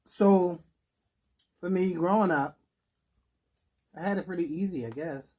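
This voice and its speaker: A man's voice: sits high, unhurried, warm tone. A man co-hosting a casual chat, talking in a loose, rambling way with many fillers and restarts. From Washington, D.C. area. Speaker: podcast co-host.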